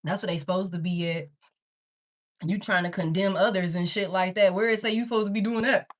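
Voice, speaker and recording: A woman's voice: medium pitch, fairly even intonation, brisk. A woman doing a casual tarot reading, talking straight to her viewers in a rambling, candid way and swearing freely. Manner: talks straight to viewers, calls them baby and y'all. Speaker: tarot reader.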